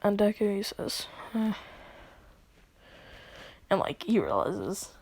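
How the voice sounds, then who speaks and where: Slow, gravelly woman telling a story. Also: medium pitch, animated, darkish tone. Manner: slangy, laid-back, drawls and laughs. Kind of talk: casual comedic story retelling.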